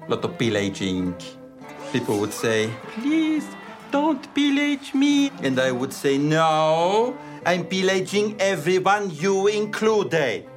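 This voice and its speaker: A man's voice: high voice, sing-song, slow, faint music behind, full character voice. An actor playing a pompous, fussy male vampire who was once a warrior, talking formally and boastfully in a TV comedy. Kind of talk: TV comedy acting.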